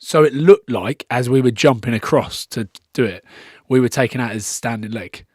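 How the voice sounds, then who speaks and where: A man's voice: mid-range voice, moderate pace, darkish tone, dry recording, clean studio sound. A man from Scotland, a former rugby player, telling stories as a podcast guest in casual chat. He swears freely and acts out the people he quotes.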